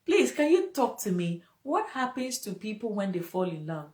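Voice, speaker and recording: A woman's voice: medium pitch, big pitch swings, normal speed, darkish tone. A woman hosting a casual live-stream talk, speaking emotionally and preachily and laughing often. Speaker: host. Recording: echoey room.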